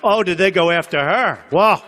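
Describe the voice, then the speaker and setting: A man's voice: high voice, moderate pace, sharp tone, a little hiss or hum. Boastful rambling man at a rally. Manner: boastful, rambling, repetitive asides to the crowd. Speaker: political candidate speaking at a convention. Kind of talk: campaign rally speech. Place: convention hall stage.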